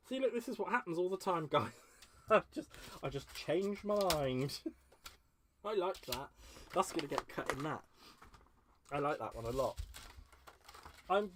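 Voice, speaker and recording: A man with a voice a touch higher than most men's, talking casually as he crafts live at home. He gushes over his supplies and chats back to viewers' comments in a friendly, rambling way. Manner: chatty, gushing, answers viewer comments aloud. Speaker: crafting livestream host. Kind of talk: casual live-stream chat while crafting.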